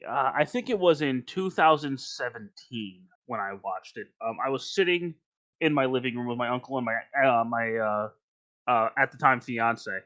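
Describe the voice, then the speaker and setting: A man's voice: medium pitch, moderate pace, fairly bright tone. A man co-hosting a podcast in casual chat, emphatic and rambling, often breaking into laughter. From North Carolina. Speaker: podcast co-host.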